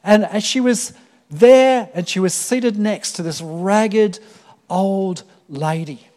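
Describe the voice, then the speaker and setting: A man preaching to his congregation in a high, bright-toned voice. He is earnest and storytelling, often pausing on "um" and restarting phrases before he lands his point. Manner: earnest, with many fillers and repeated words. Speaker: pastor. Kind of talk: sermon.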